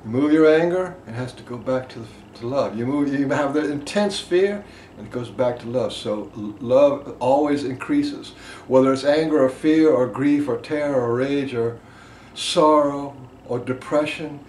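A man teaching a group about emotional release, impassioned, swinging between loud emphasis and quiet asides. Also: mid-range voice, normal speed. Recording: echoey room with faint background noise.

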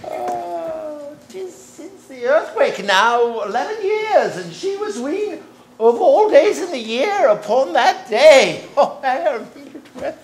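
A woman's voice: sits high, big pitch swings, slow pace, exaggerated voice. Woman playing the giggly old Nurse. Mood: rambling. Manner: rambling, laughs through her lines. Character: old chattering female nurse, bawdy and giggly. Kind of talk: amateur stage acting. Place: theater stage. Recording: roomy stage recording.

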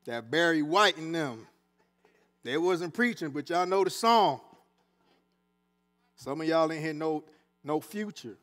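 A man preaching a sermon in a church, animated and conversational, with asides and dialect. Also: a little high, a little slow, long pauses, faint music behind. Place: church sanctuary.

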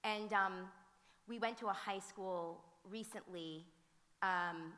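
A woman who teaches and directs theater, speaking on a panel and telling animated stories full of fillers and restarts. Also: mid-range voice, takes it slowly. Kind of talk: conversational storytelling at a conference. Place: museum auditorium. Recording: reverberant hall sound.

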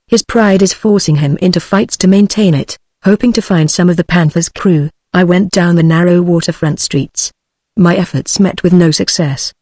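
A text-to-speech woman's voice with a British English accent, reading a book aloud in an even, synthetic manner. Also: fairly low pitch, no echo, studio quality. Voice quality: synthetic, evenly paced. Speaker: audiobook narrator.

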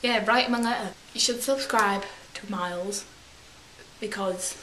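A woman's voice: mid-range voice, fairly even intonation, unhurried, fairly bright tone. A young woman vlogger rambling through a story in a put-on English accent, acting out quotes in silly voices. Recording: echoey room with faint hiss.

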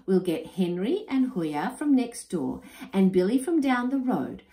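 A woman's voice: mid-range voice, sing-song, measured pace, warm tone. A woman voicing an eager young boy in a picture-book reading. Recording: roomy echo.

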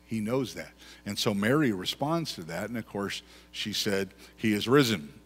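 Man, pastor, low voice, conversational sermon, long church reverb. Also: expressive, moderate pace, slightly rough. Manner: conversational preaching with repeated phrases. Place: church sanctuary.

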